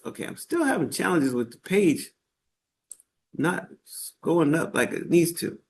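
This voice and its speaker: A man's voice: a little high, big pitch swings, measured pace. Conversational man teaching a live workshop. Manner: conversational, checks in with "right?" and "okay?"; frequent fillers and restarts. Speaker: workshop instructor.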